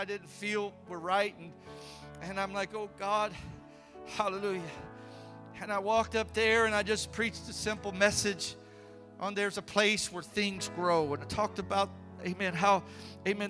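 A man preaching a sermon as a pastor, telling a testimony fervently with frequent hallelujahs and amens, stumbling over repeated words in calmer stretches. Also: high voice. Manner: halting repetitions when calm.

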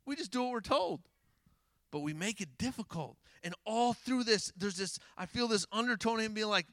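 A man preaching a sermon in a casual, animated way, rising to loud emphasis and dropping to hushed tones. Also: sits high, fairly quick, dry recording.

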